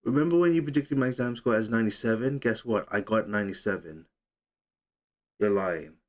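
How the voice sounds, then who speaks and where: A man's voice: on the low side, brisk, darkish tone. A young man hosting a casual livestream, chatting loosely, reading comments aloud and fumbling with his setup. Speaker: livestream host.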